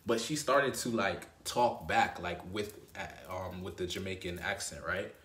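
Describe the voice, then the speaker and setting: A man's voice: sits low, unhurried, a bit bright, distant mic. A man telling a personal story in a casual, rambling way, often checking in with "right?" and "you know what I mean". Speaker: dating advice host. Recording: roomy echo.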